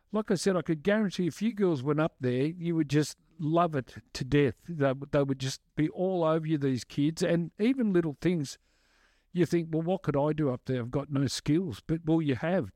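A chatty man rambles through stories with lots of restarts and fillers. His voice sits a little high for a man. The sound is close and dry. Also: dark tone, dry recording. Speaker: guest musician and advocate. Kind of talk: casual storytelling answers.

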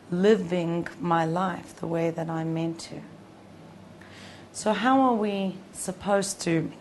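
A woman's voice: lowish voice, slight background noise. Woman telling a Torah story. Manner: conversational, with frequent restarts and lively storytelling. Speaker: Torah teacher. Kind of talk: storytelling Torah talk to a women's group.

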